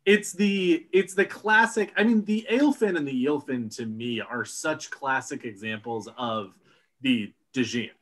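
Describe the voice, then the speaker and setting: A man's voice: mid-range voice, a little slow, fairly bright tone. A man co-hosting a casual podcast, explaining ideas at length and swearing when amused. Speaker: podcast co-host. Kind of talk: casual chat.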